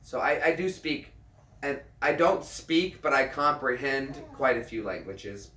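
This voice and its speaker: A man in his thirties, a military veteran, chatting casually on a livestream, earnest and halting, often repeating himself as he restarts a thought. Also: mid-range voice, lively intonation, pushed and bright. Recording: roomy sound, mic at a distance.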